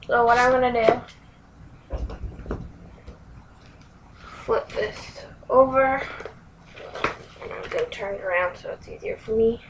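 A woman giving a slow step-by-step craft tutorial, sometimes dropping to a near-whisper. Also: a little high. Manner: slow, instructive, drops to near-whisper at times. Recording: distant mic, faint room noise.

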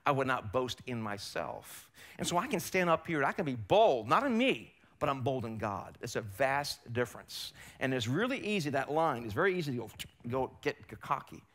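A man's voice: medium pitch, very animated, normal speed, a bit bright. A man preaching a sermon as pastor in a church, emphatic and rising and falling in force. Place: church sanctuary.

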